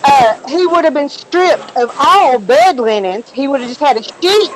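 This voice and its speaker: A woman's voice: high voice, expressive, a little slow, a little hiss or hum, rough recording. A woman guest on a casual livestream panel, talking bluntly and with emphasis over a video call.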